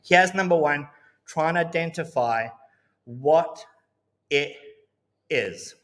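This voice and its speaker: Man, church quiz host, encouraging, preacherly, slightly high-pitched, roomy echo. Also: slow, heavy background noise. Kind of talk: live-streamed quiz and appeal.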